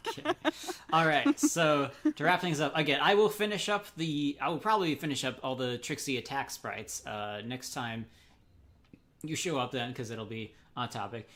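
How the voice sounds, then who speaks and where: A man's voice: mid-range voice, fairly bright tone. A man hosting a game development show, casual and easygoing, often laughing and restarting his sentences. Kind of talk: casual chat.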